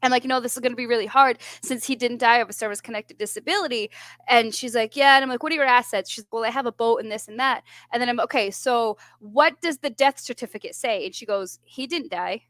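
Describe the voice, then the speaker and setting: A woman chatting on a radio show as a veterans benefits advocate, telling an animated story and swearing freely. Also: a little high, fast, dry recording. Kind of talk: casual radio chat.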